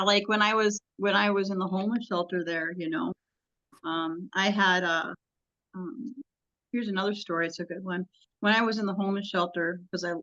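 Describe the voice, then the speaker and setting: A woman guest in a casual interview, telling a long story in a halting, rambling way with many ums and restarts. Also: fairly low pitch, a bit bright, dull audio.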